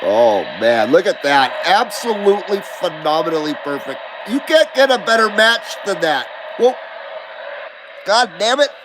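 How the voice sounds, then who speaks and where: A man's voice: sits high, sing-song, measured pace, background noise. A man hosting a live stream in casual chat, reading viewer comments aloud and coughing now and then. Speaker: host.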